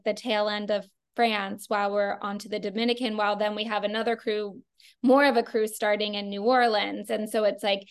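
Give me a woman with a raspy, slightly high voice recounting work stories in an interview. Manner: chatty, filler-heavy with frequent "like". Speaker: costume designer guest. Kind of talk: casual interview storytelling.

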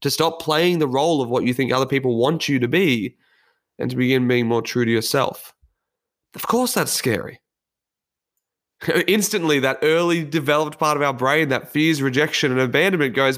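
A man delivering a personal development talk as a solo motivational monologue. He speaks earnestly and candidly, in a reflective tone. His voice sits at an ordinary middle pitch for a man. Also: moderate pace, a bit bright.

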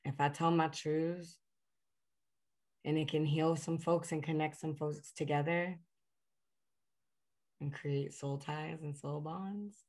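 A woman's voice: low voice, steady tone, takes it slowly, pauses often, a little mellow. A woman chatting as an interview guest, casual and talkative, with many fillers, sometimes reflective and earnest. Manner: reflective and earnest about her purpose.

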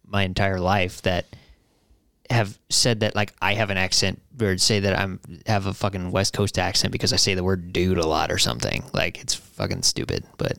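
Low, smooth-voiced man rambling casually. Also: moderate pace, a bit bright, dry recording, clean studio sound. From Midwestern US. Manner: rambling, full of fillers and restarts. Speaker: podcast co-host. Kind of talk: casual music discussion.

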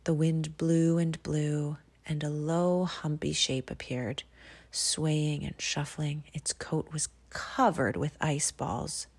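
Slow, husky woman reading a storybook. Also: low-pitched, flat delivery. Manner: slow, hushed, often whispered. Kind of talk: soft-spoken storybook reading.

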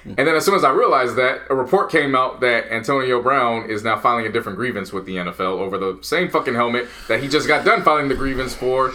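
A man co-hosting a podcast, riffing on football news in loose, profane, animated chat. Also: medium pitch, quick pace. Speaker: podcast co-host. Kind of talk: casual sports chat.

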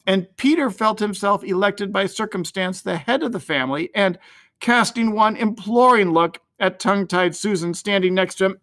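A man narrating an old-fashioned storybook with a high voice. His delivery is expressive and gently dramatic, and his tone is clear and bright. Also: normal speed.

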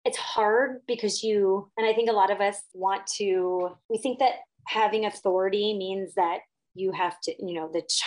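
An earnest middle-aged woman shares her teaching experience in casual talk. She is reflective, circles back, and restarts her sentences, with a mid-pitched voice. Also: fairly even intonation, normal speed, darkish tone, poor audio. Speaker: guest, teacher and author. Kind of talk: casual conversation.

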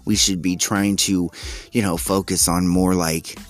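A man hosting a solo podcast, reading news items aloud and breaking off to comment in a halting, exasperated way. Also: low-pitched, flat delivery, soft background music. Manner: halting and exasperated, frequent restarts. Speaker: podcast host.

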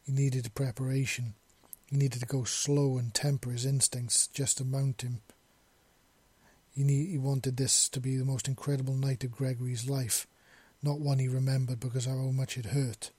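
Quiet man with a flat, husky voice. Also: medium pitch, moderate pace, dry recording. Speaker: story narrator. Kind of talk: scripted narration of a romance story.

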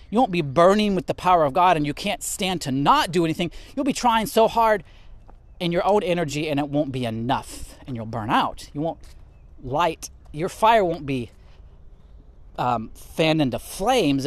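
A man teaching from the Bible in an animated way, a little out of breath as he walks and talks. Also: a little high, dry recording. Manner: animated, reads and explains scripture; talks while walking vigorously.

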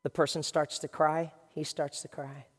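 A male pastor preaching to his congregation in a lively, conversational way, with quick asides to the room. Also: a little high. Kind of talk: sermon. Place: large church hall with a congregation. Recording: long reverb of a large hall.

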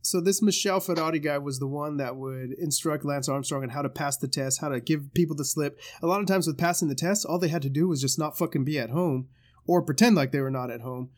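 A man co-hosting a podcast in casual chat, telling stories loosely with swearing, jokes and quick put-on voices. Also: on the high side. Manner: loose, swearing storyteller who does voices and laughs often. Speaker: podcast co-host.

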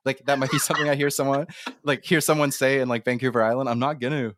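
A man from Canada hosting a casual podcast interview, talking in an animated, storytelling way with quick asides. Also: medium pitch, a little hiss or hum. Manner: animated, storytelling, slips into playful impressions. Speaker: podcast host.

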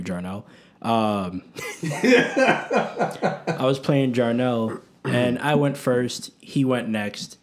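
A man co-hosting a podcast, chatting casually in an animated way. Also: medium pitch. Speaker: podcast co-host. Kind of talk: casual chat.

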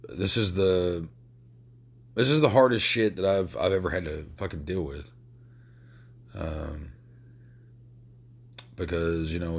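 Man, very low voice, podcast host, emotional, swears a lot, halting restarts. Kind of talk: personal podcast talk.

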